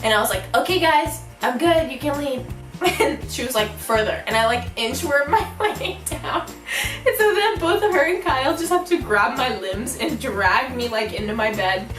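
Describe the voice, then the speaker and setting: A young woman vlogger telling a storytime in an animated, giggly way, acting out her own shouts. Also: fairly high pitch, moderate pace, distant mic. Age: young adult. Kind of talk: storytime vlog. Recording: echoey room, a bit off-mic, music behind.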